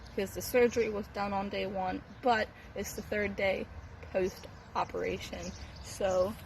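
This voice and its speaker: Worried young woman, gravelly voice. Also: mid-range voice, a little hiss or hum, rough recording. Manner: worried, rambling, many fillers and restarts. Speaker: pet owner vlogging her dog's recovery. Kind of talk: casual video diary. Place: at home, indoors then yard.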